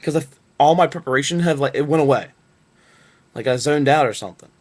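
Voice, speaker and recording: A man's voice: a little high, quick pace. A young man from Northern Kentucky telling a story to his webcam in a rambling, laid-back way, full of fillers. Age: young adult. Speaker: vlogger. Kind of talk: casual storytelling.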